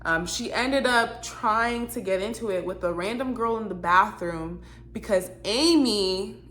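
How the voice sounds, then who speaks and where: Blunt, animated woman telling a story. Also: mid-range voice, a little slow. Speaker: vlogger. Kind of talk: storytime vlog.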